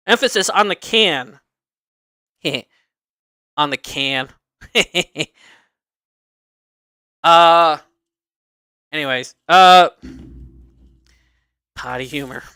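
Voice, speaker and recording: A man's voice: on the high side, takes it slowly, pauses often, bright, forceful tone, clear, resonant tone, dry recording. A man hosting a livestream, chatting casually and earnestly, rambling and circling back to repeat his points. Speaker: livestream host. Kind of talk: casual unscripted chat.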